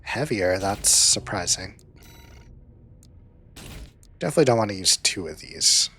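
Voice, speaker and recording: A man's voice: low voice, unhurried, slight background noise. Easygoing man musing over game footage. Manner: thinking aloud, easygoing, bursts of excitement. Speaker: let's play host. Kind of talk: casual gameplay commentary. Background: loud game music and artillery fire.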